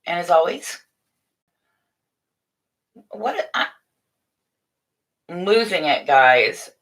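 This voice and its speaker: Chatty motherly woman, bright voice. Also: fairly low pitch, very animated, drawn-out words. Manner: chatty, motherly, frequent laughs and restarts. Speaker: livestream host. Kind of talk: casual live chat to viewers. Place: home room.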